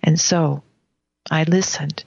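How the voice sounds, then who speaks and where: A woman telling a personal spiritual story in a soft, unhurried way during a conversation. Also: deep voice, steady tone, gravelly, no room sound, highs cut off.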